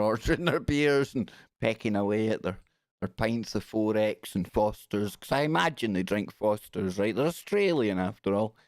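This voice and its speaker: A man's voice: on the low side, no echo, clean studio sound. Chatty man hosting a live stream. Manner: chatty and jokey, giggles while reading. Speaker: radio show host. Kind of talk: casual live-stream chat.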